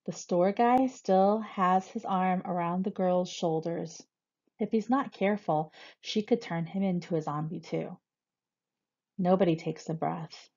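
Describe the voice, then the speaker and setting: A woman reading a novel aloud in a plain, even way. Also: lowish voice, a little slow. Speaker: reader. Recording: dull lo-fi recording.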